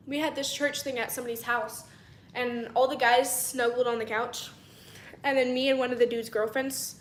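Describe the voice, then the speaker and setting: A woman's voice: on the high side, roomy sound, slight background noise. A young woman telling a long story in a casual vlog, chatty and rambling, acting out what people said and sometimes dropping to a whisper. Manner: chatty and rambling, acts out quotes, drops to a whisper at times. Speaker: vlogger.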